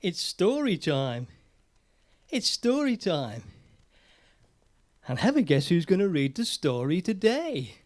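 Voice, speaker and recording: A man putting on a sing-song, coaxing voice of a children's TV presenter, pitched high and loud. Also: very animated, takes it slowly, full character voice. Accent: British.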